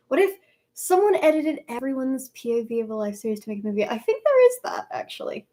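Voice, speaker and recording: A woman's voice: high-pitched, very animated, moderate pace, darkish tone. A young woman streaming live in casual chat, playful and laughing often.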